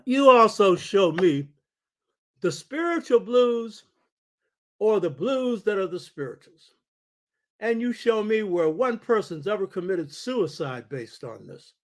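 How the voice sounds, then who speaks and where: An older man with a notably high voice gives a lecture-style talk as host of his show. He speaks in a rolling preaching cadence and keeps checking in with his listeners for agreement. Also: big pitch swings, slow pace.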